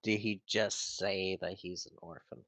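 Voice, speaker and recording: A man playing a tabletop game, making quick joking remarks. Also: deep voice, fairly even intonation, fairly bright tone. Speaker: player. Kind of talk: casual tabletop play.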